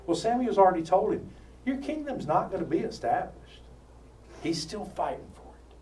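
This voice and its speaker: Male preacher, lively and animated in his storytelling, recorded from across a roomy space. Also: high voice, normal speed, slight background noise. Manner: animated storytelling with asides and jokes. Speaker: preacher teaching a Bible study. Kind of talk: sermon. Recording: roomy sound from far off with faint ambience.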